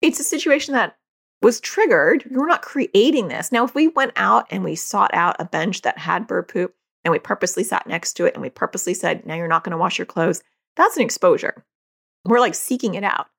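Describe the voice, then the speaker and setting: A woman's voice: mid-range voice, expressive, a little fast, creaky, a bit bright, slightly rough. A woman hosting a podcast, explaining in a casual conversational way and acting out dialogue in quoted voices. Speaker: podcast host; parent.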